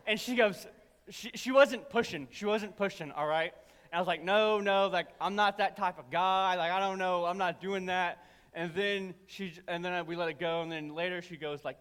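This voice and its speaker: Bright-voiced young pastor, animated storytelling. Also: male voice, high-pitched, moderate pace. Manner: animated, self-deprecating storytelling to a congregation. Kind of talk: sermon with personal stories. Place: large church auditorium. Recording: church hall with long reverb.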